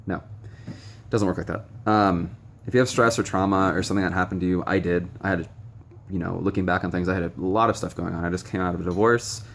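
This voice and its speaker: A man's voice: low voice, steady tone, fast talker. A young man vlogging recovery advice in a frank, rambling way with many ums and some blunt swearing. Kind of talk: casual direct-to-camera monologue. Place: noisy room with stray tapping and beeping.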